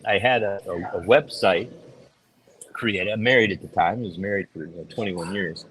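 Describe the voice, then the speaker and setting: A middle-aged man chatting casually as a podcast co-host, telling stories and acting out quoted voices with big jumps in pitch. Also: normal speed, a bit bright, a little hiss or hum, low-quality recording. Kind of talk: casual chat.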